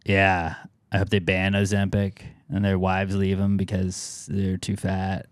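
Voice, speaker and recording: A man's voice: low-pitched, monotone, measured pace, no room sound. A man hosting a podcast in casual chat, grumbling and swearing freely. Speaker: podcast host.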